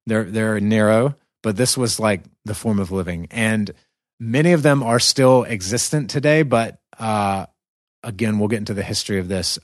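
A man's voice: lowish voice, moderate pace, dry recording, clean studio sound. A man with an American Southern accent who hosts a podcast and explains things with enthusiasm in a casual chat. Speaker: podcast host.

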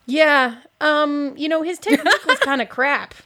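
A woman's voice: high-pitched, animated, unhurried, pushed and bright. A woman playing in a tabletop role-playing game, playful and giggly, laughing often between lines. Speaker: player. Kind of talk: casual tabletop role-play banter.

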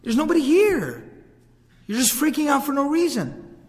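A man's voice: very high voice, wildly swooping pitch, moderate pace, voice pushed up, exaggerated voice. A man playing puzzled family members who insist they see nothing wrong. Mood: baffled. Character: bewildered family members, adults. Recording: long hall reverb.

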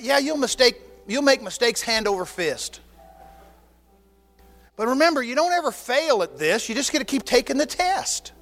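Pastor, male, high voice, animated sermon delivery with acted-out exchanges, church hall reverb. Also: moderate pace, soft background music. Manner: animated preaching with acted dialogue and rhetorical questions. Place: church sanctuary.

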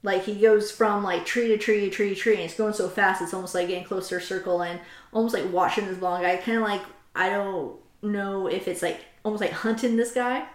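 A woman of middle pitch hosts a casual chat, retelling a story with lively energy and stopping to read passages aloud. Her voice carries a roomy echo. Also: fairly quick. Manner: animated retelling, reads quotes aloud. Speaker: host.

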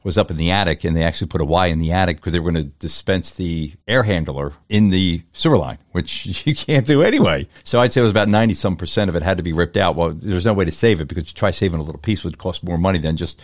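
Fast-talking low-voiced contractor. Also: male voice, no room sound, studio quality. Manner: matter-of-fact, explains building work. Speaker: contractor and show regular. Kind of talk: casual radio talk.

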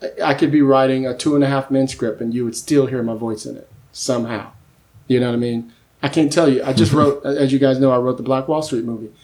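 Lively storytelling male screenwriter. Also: medium pitch, quick pace. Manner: lively storyteller who acts out quoted voices; keeps asking "you know what I mean?". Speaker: screenwriter and podcast guest. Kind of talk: casual podcast conversation.

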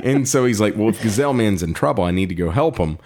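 A man with a lowish voice chats casually as a podcast co-host, recapping a story. He keeps breaking into laughter and slips into quick little voices for each character's lines. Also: expressive, a little mellow. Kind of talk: casual chat retelling a story.

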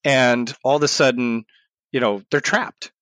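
Man, animated storyteller, dry close sound, mid pitch. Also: a little slow, dry recording. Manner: animated storyteller, acts out his own past words. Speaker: guest. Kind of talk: storytelling in a podcast interview.

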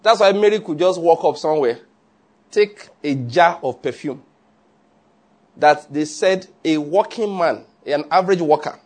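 A man preaching a sermon in an animated way, often checking with his listeners. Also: a little high, a little slow. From Nigeria. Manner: animated, asks the audience often.

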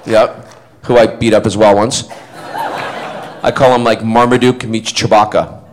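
A man's voice: on the low side, level tone, unhurried, a little hiss or hum. A man, an actor, telling rambling anecdotes in a casual interview, full of fillers. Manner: rambling, chatty, many fillers.

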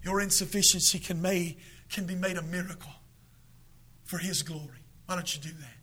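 A man preaching a sermon in church, moving from shouted declarations to hushed pleading during an altar call. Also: high-pitched, normal speed, husky. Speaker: pastor.

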